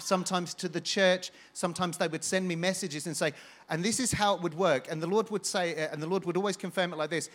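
Energetic storytelling preacher, fairly high voice. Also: male voice. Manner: energetic, storytelling, calls to the congregation. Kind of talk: sermon with personal testimony.

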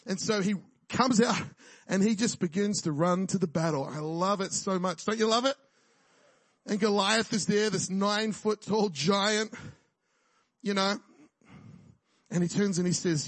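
A man's voice: sits high, a little slow, long pauses, no echo. A man preaching a sermon in a casual, jokey way, often checking in with his listeners. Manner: jokey, conversational preaching with frequent "right?" and laughs.

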